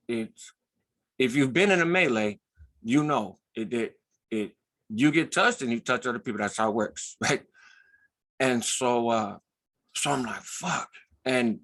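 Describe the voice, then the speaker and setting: A man's voice: mid-range voice, a bit bright. Laid-back man telling a street story. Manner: loose, conversational, tags lines with "right?"; blunt, swears freely. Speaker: host. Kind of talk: casual storytelling.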